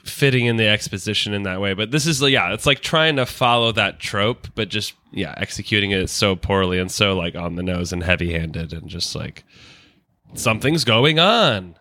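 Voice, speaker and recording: A man co-hosting a casual movie podcast, animated and quick to laugh. His voice is bright and forward, captured dry and close on the mic. He riffs loosely and swears now and then. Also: lowish voice, no room sound. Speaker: podcast co-host.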